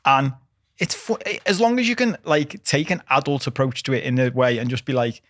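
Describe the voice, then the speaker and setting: A man chatting quickly and telling stories on a football podcast. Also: mid-range voice, sing-song, a bit bright, no echo, studio quality. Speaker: podcast co-host. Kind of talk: casual chat.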